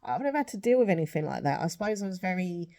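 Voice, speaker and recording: A woman talks to camera in a loose, wandering vlog chat, apologising often and sighing. Her voice sits low and mellow, and she sounds emotional and close to tears. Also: big pitch swings, rapid-fire, gravelly. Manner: rambling and apologetic, with sighs. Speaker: vlogger.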